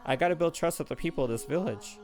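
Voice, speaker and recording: A man's voice: fairly high pitch, fast talker, a little mellow, soft background music, lightly acted. A man voicing an earnest young foreign woman who stammers and pleads when flustered. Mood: cheerful.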